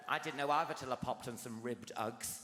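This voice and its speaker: A man's voice: mid-range voice, normal speed, heavy background noise. A man in his forties performing a stand-up comedy routine, telling stories animatedly and confidingly, with frequent tag questions to the audience. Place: large theatre stage. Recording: live theatre, roomy with loud audience. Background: loud audience laughter.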